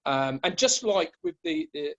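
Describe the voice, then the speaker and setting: Rambling man with a higher voice. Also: wildly swooping pitch, a little slow, fairly bright tone, highs cut off. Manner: rambling, with many restarts and repeated words. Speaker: guest. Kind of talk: casual conversation.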